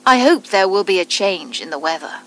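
A woman voicing a huge, selfish, grumpy male giant who speaks loudly and drags out his words. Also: medium pitch, big pitch swings, slight background noise. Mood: wistful. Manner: loud, slow, drawn-out shouting.

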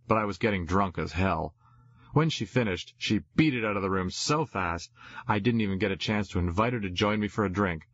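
Brief: low husky male narrator, wry and rambling, dry close sound. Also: no room sound. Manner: wry, rambling confessional delivery. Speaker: audiobook narrator. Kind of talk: first-person audiobook narration. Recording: dull lo-fi recording.

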